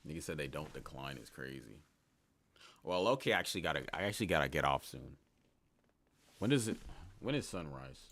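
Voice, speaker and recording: A man's voice: rumbling low, lively intonation, brisk, pauses often, a bit bright. A man livestreaming and chatting casually with his viewers, talking in slang, rambling and laughing often. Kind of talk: casual stream chat, reading chat aloud.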